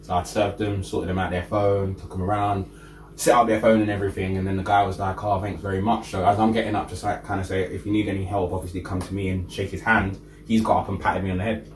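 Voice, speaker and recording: A young man with a lowish voice, telling a story in a relaxed, unhurried way. He sits back from the mic in an echoey room, with faint noise in the background. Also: far from the mic. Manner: relaxed storyteller, builds to indignation. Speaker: podcast co-host. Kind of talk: casual chat.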